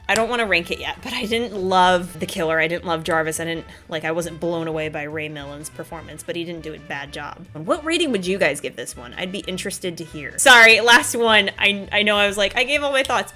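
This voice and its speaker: A woman hosting a casual chat, animated and enthusiastic, often laughing as she talks. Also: on the low side, brisk, hardly any pauses, soft background music. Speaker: host.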